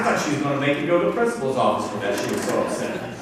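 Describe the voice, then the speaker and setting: Preaching in a church sanctuary, a pastor from Ohio speaks very fast in a mid-range voice with big pitch swings. He is chatty and self-deprecating, voicing characters in his stories, captured by a distant mic in an echoing hall with background noise.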